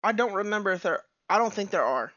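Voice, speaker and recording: A man's voice: sits high, expressive, quick pace, bright, forceful tone. A man on a podcast, casually explaining things and tossing in rhetorical questions. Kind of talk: casual chat about anime. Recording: dull lo-fi recording.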